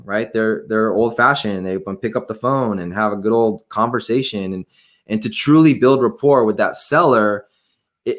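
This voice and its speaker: A man hosting an interview show, talking in an excited, enthusiastic way. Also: lowish voice. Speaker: podcast host.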